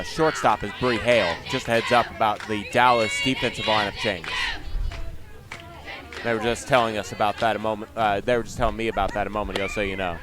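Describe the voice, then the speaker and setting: A man giving casual color commentary at a softball game, with relaxed, conversational asides. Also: mid-range voice. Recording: broadcast with crowd noise.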